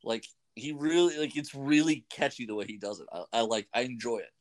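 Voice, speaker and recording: Chatty radio host. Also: male voice, medium pitch, a little fast. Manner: rambling, chatty, lots of fillers. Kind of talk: casual radio talk. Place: radio studio.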